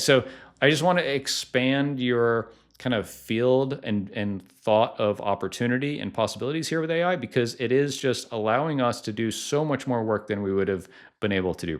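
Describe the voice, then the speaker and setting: A middle-aged man hosting a casual tutorial vlog, talking in a chatty way full of "like" and "uh". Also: lowish voice. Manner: chatty, lots of "like" and "uh" fillers. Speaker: tech YouTuber, podcasting company founder.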